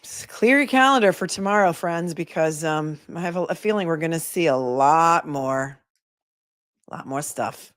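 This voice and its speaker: A woman attorney hosts a casual livestream, talking straight to her viewers with wry, playful asides. Her voice sits on the low side, and the sound is dry and close to the mic. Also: normal speed, a bit bright, no echo.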